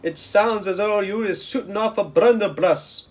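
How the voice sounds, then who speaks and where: A man voicing a big friendly old giant who mangles his grammar, loud and booming in places. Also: moderate pace, natural voice. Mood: pained, loud. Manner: booming, oddly phrased speech.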